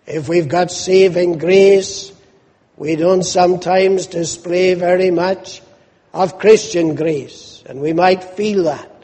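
A man's voice: high voice, takes it slowly, mellow. A man preaching a sermon with fervent, emphatic declarations. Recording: long hall reverb.

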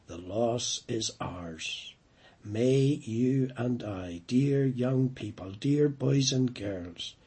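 A man preaching a sermon, telling a story and slowing down to stress key lines. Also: medium pitch, darkish tone, slightly rough.

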